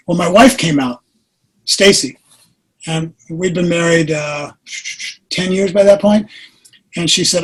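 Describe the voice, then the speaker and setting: A man in his forties tells a personal story as a guest in an interview. His voice sits fairly high and has a husky edge. He talks in an earnest, animated way and pokes fun at himself. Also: unhurried, pauses often, poor audio. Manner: earnest, animated retelling with self-mocking laughs.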